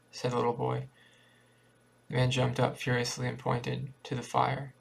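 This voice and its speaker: A man reading a short story aloud in a plain, steady way with small restarts. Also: mid-range voice, moderate pace. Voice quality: creaky. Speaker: reader.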